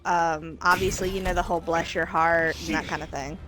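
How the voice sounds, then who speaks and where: A woman's voice: fairly low pitch, fairly even intonation, a little fast. A woman chatting casually while playing a game, with laid-back, dry replies. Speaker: co-player. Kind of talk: casual chat while gaming.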